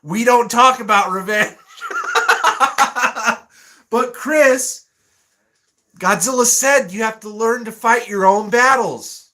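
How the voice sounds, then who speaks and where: A man hosts a relaxed live stream, reading out viewer comments and breaking into frequent laughter. His voice sits high and sounds bright, and he talks at an easy, unhurried pace. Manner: laughs often, reads comments aloud. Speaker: livestream host reading chat. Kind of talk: casual live-stream chat.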